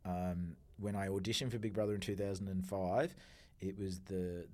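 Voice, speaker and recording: A man's voice: low-pitched, normal speed. A man in his forties with an Australian accent, a guest telling stories in a casual interview, acting out his own outbursts. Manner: animated storyteller, acts out quoted outbursts, swears freely. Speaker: podcast guest, entrepreneur.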